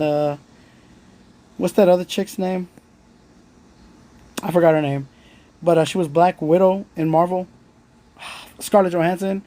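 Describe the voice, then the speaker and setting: A man's voice: fairly high pitch, mellow. A man hosting a live stream from his phone, giving blunt, earnest pep talk to his viewers and swearing freely. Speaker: livestream host. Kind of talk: casual motivational livestream talk.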